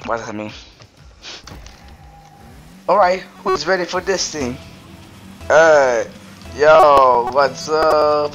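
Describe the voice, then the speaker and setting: A man's voice: a little high, slow pace, pauses often, fairly bright tone. A man giving casual gameplay commentary, giggling and playing up mock anger with lots of rambling filler sounds. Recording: dull lo-fi mic with faint noise.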